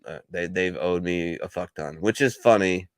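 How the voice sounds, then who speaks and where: Man host, low voice, rambling profane asides, dry close audio. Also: normal speed, no room sound. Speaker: livestream host. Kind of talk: casual livestream chat. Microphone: video call.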